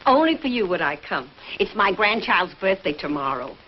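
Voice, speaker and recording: A woman's voice: on the low side, big pitch swings, moderate pace, slight background noise. An actress playing a talkative, doting older woman friend in a 1950s TV sitcom, on a dull old soundtrack. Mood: fond. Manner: fond, talkative.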